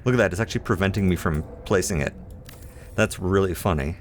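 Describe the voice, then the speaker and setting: A man with a very low voice talks through his gameplay in a loose, chatty way, musing to himself and poking fun at his own choices. A faint hiss sits behind the voice. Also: fast. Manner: self-deprecating, playful. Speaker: let's play host. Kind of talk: casual gameplay commentary.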